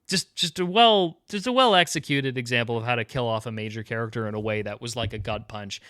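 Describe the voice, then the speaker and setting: A man with a bright, forceful voice chats casually about television. He rambles, restarting his sentences and leaning on fillers as he builds his point. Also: medium pitch, fairly quick, clear, resonant tone. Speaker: podcast co-host.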